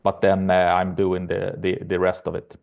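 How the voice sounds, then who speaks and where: A man, a band's guitarist and lead singer, answering interview questions in English with many pauses. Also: low-pitched, monotone, gravelly, narrow, tinny audio. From Sweden.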